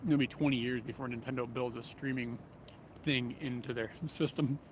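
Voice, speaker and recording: On a city walk beside train tracks, a man with a medium-pitched voice chats with his livestream viewers at a normal speed, reading their comments. He's laid-back and rambling with frequent chuckles, and the small camera mic catches traffic and trains going by.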